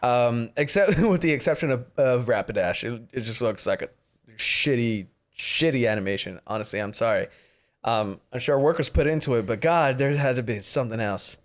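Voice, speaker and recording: A man's voice: mid-range voice, animated, normal speed. Laughing, swearing man recapping a movie. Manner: laughs often, swears freely, rambling retelling. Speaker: podcast co-host. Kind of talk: casual movie recap chat.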